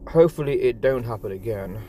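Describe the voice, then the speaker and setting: A man's voice: medium pitch, expressive, fairly quick, warm tone, a little hiss or hum. A man with an English accent chatting casually on a live stream from his phone, stumbling over his words and repeating himself. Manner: stammering, repeats words, rambling and apologetic.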